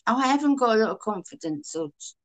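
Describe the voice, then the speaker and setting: A woman's voice: on the high side, expressive, fairly quick. Cockney woman chatting on a livestream, friendly, calls everyone sweetheart. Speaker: co-host of a live chat stream. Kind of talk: casual chat.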